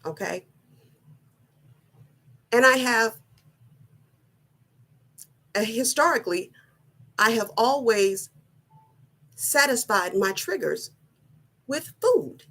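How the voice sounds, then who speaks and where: A middle-aged woman giving a personal motivational talk, slow, earnest and deliberate, often repeating her phrasing. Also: fairly high pitch, animated, fairly bright tone. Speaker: wellness vlogger.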